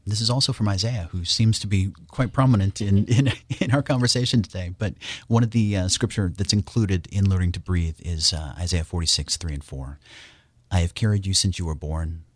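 A man's voice: low-pitched, a little fast, no echo. A man speaking as a radio guest, enthusiastic and promotional, reading scripture aloud. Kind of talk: radio interview talk.

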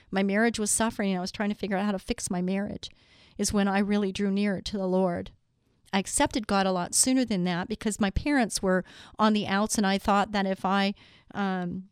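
Middle-aged woman, devotional talk, earnest and heartfelt, smooth clear voice, dry close sound. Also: mid-range voice, no echo. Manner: earnest and heartfelt, addresses listeners directly. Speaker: Christian speaker. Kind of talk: devotional talk with scripture readings.

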